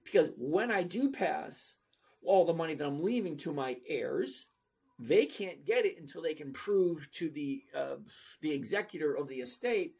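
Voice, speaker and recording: A man's voice: fairly high pitch, animated, normal speed, vocal fry, darkish tone, breathy edge. A man in his sixties hosting a trading livestream, talking bluntly and rambling as he reads out viewers' comments. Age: 60s. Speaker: trading channel host. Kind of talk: casual livestream talk.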